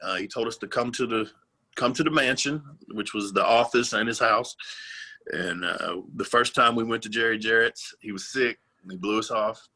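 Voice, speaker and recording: A man's voice: fairly low pitch, moderate pace, pushed and bright. A man, a former pro wrestler, telling laid-back, profane stories as an interview guest. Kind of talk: casual storytelling interview.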